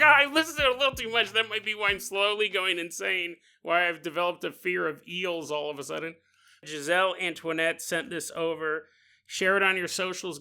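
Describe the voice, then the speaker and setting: Bright, sing-song podcast host. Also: male voice, sits high. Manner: animated, sing-song, jokey. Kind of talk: casual comedic paranormal podcast.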